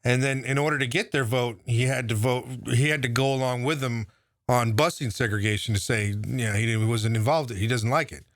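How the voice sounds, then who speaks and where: A man's voice: mid-range voice, a little fast, no echo, studio quality. A man ranting casually about politics, profane and sarcastic. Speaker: political commentator.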